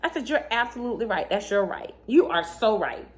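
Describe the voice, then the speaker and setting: High, lively sassy woman vlogger. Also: brisk, soft background music. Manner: animated and sassy, acts out both sides of the chat; laughs often while telling. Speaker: vlogger telling a dating story. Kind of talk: casual storytime.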